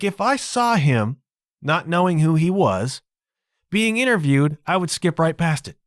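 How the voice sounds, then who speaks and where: Lively, emphatic male podcast host. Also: fairly high pitch, no room sound, studio quality. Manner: emphatic, conversational, keeps checking in with the listener. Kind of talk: solo podcast monologue.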